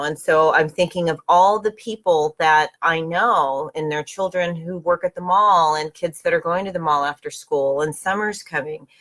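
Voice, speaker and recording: Lower-pitched woman leading a casual book club. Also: a bit bright. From Southern California. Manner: conversational and upbeat, checks in with listeners. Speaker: host. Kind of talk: casual book club reading and guided meditation.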